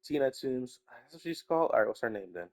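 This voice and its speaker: A man's voice: medium pitch, sing-song, fast talker, darkish tone. A young man chatting casually in a rambling way, swearing often and trailing off into mumbles, a little sick with a stuffy nose. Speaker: YouTuber.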